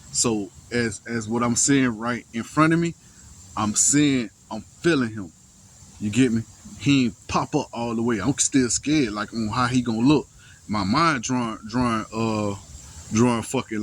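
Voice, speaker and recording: A young man telling a personal story in casual first person, halting and slangy, full of restarts, sighs and profanity. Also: mid-range voice, a little hiss or hum, low-quality recording.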